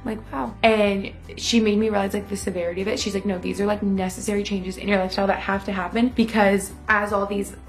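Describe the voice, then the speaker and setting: A young woman chatting in a confessional vlog, talking fast and loose with lots of "like" and acted-out quotes. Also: medium pitch, flat delivery, faint music behind. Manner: chatty, lots of "like", quoting herself and others. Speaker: vlogger. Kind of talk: casual confessional vlog chat.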